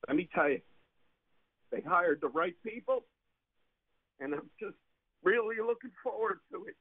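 A man's voice: on the high side, animated, measured pace, breathy edge. A man in his sixties calling in to a sports radio show, sentimental and choked up with emotion. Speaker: caller. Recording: tinny phone line.

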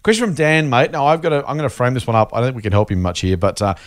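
A man's voice: mid-range voice, very fast, no room sound, studio quality. An Australian man hosting a podcast, chatting casually and enthusiastically with plenty of fillers. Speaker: podcast host.

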